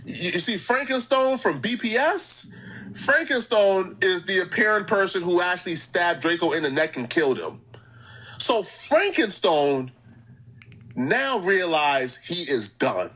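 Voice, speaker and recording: A young male host talks through clips in a mocking, storytelling way. His voice sits high and jumps up and down a lot. He is plainly enjoying poking fun. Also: very animated, measured pace, fairly bright tone. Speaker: reaction channel host. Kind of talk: commentary on clips.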